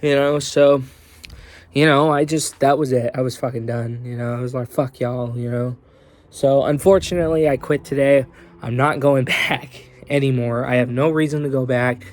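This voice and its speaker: A man's voice: medium pitch, darkish tone. A young man telling an angry, rambling story in a casual vlog, heavy with swearing and fillers. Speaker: vlogger.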